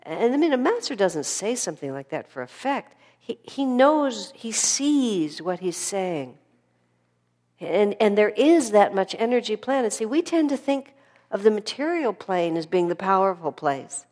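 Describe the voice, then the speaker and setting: A woman giving a spiritual class lecture, telling stories in an earnest, animated way. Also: medium pitch, unhurried. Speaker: spiritual teacher.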